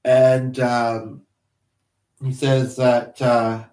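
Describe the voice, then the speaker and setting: A man's voice: mid-range voice, flat delivery, extremely slow, a little mellow. Man rambling in an echoey room. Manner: meandering, hesitant, reflective. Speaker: vlogger, spiritual channeler. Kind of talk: casual rambling monologue. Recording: roomy, distant mic.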